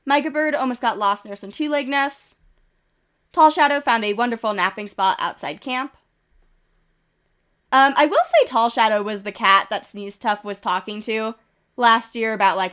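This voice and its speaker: A woman's voice: mid-range voice, normal speed, fairly bright tone, clear, resonant tone. A woman streaming a game, reading out events with chatty asides and giggles while congested and coughing. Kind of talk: casual live-stream commentary. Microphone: desk microphone.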